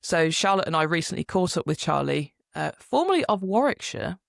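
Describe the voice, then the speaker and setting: Lively young woman co-host. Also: on the low side, fairly quick, gravelly, no echo, clean studio sound. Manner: lively storytelling, acts out quotes. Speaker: podcast co-host. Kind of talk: casual chat.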